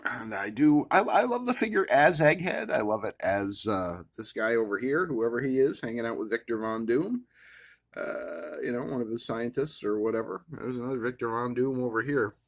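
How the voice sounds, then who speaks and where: A man's voice: mid-range voice, normal speed. A man casually rambling at his worktable about his action figures, with many "uh" fillers and wry, self-amused asides. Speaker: action figure collector vlogger. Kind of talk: casual rambling show-and-tell.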